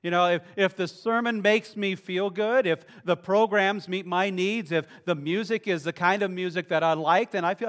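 A male pastor with a rather high voice leads his congregation through a playful sermon, teasing people in the pews by name. His words ring out with a long reverb from the church hall around him. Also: normal speed, few pauses, a bit bright. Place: church sanctuary.

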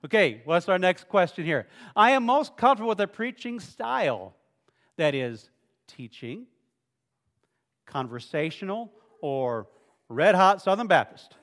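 In a church sanctuary, a male pastor with a rather high, slightly bright voice leads a playful sermon, teasing congregants in the pews by name. His delivery is measured, with big swings in pitch, and a long reverb from the hall carries his words.

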